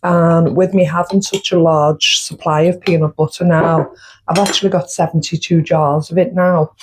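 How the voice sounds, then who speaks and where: A woman's voice: lowish voice, steady tone, moderate pace, darkish tone, a little hiss or hum, low-quality recording. A woman with a chatty manner, hosting a casual home baking vlog and walking through her costs step by step. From United Kingdom. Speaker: baking vlogger.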